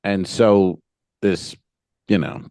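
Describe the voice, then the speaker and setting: A man co-hosting a comedy podcast, telling an exasperated story in a casual, animated way. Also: low-pitched, slow pace, gravelly, no room sound, studio quality. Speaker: podcast co-host and cruise ship entertainer. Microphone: podcast mic on a boom arm.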